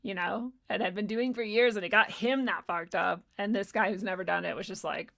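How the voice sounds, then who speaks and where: Young woman streamer answering chat, swears freely, laughs often, tells stories with gusto; gravelly edge in the voice. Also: medium pitch, a little fast. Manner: profane, laughing, animated storytelling. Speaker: livestream host answering chat. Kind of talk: casual livestream chat.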